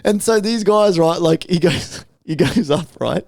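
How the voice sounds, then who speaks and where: A man's voice: high voice, lively intonation, a little slow, creaky, a little mellow, no echo, studio quality. A young man co-hosting a podcast, telling rambling, profane stories and acting out other people's lines in a casual chat. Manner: swearing storyteller, acts out quotes with voices. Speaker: podcast co-host.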